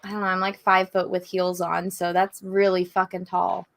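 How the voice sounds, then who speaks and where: A woman's voice: on the low side, monotone, moderate pace, vocal fry. A woman with a Californian accent, a guest on a video call, talking casually and giggling, with lots of "like.". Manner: chatty, giggly, many fillers like "like". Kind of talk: casual chat. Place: home art studio. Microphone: video call mic.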